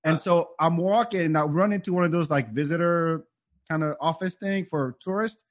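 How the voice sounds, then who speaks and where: Fairly high in pitch and speaking at an ordinary pace, a man appears as a comedian guest on a casual podcast. He tells stories with lots of animation, performing the characters' voices himself.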